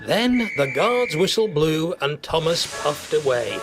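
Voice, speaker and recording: A man narrates a children's railway story, expressive and measured, his voice sitting a little high. Loud music plays behind him throughout.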